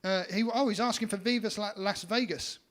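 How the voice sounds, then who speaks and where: A man on a band's live stream reading out viewer names and comments, with hesitant pauses. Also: high-pitched, crowd noise. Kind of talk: casual live-stream chat.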